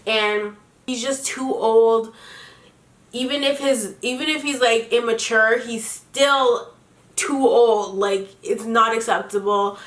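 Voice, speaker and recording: A woman's voice: fairly high pitch, a bit bright. A young adult woman giving blunt, chatty advice on her vlog, full of "like" fillers. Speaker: advice vlogger. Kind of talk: casual advice chat. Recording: roomy echo.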